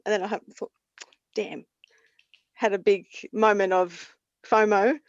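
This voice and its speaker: A woman's voice: mid-range voice, moderate pace, no echo. A woman chatting casually on a video call, telling stories with lots of laughter. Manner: laughs often, animated storytelling. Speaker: guest. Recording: dull, dry video call audio.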